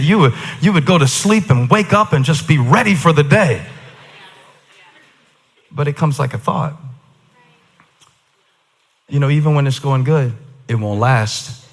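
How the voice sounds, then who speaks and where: Male pastor, bright and husky, emphatic sermon delivery, reverberant church hall. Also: fairly high pitch, a little slow, long pauses. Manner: emphatic, swings between quiet asides and shouted declarations. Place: large church auditorium.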